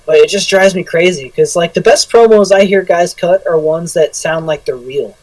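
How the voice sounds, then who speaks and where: A man co-hosting a casual podcast, joking around and cursing freely. His voice sits a little high and sounds set back from the microphone in a dead, dry room. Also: normal speed, a little mellow, no echo, far from the mic, low-quality recording. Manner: joking, swears a lot. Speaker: podcast co-host. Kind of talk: casual banter.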